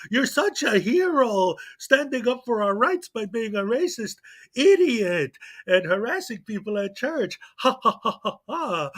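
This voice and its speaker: A man doing a sarcastic impression of a fawning online fan, in a high, sing-song mocking tone. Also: full character voice. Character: gushing fawning fan, adult, sycophantic.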